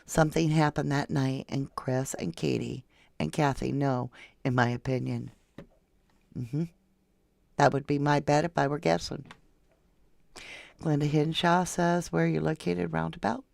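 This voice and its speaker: A woman's voice: sits low, level tone, a little slow, creaky, long pauses, a little mellow, dry recording. A woman from Florida hosting a casual true crime livestream, chatting and reading viewer comments aloud. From Florida, USA. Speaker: true crime channel host.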